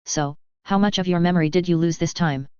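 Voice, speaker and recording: A woman's voice: fairly low pitch, a little fast, darkish tone, clear, resonant tone, no echo, lightly acted. A woman reading fan fiction aloud, voicing an exhausted, sardonic young male wizard with a clipped, dry drawl, on a dull lo-fi recording. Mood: dry, prickly.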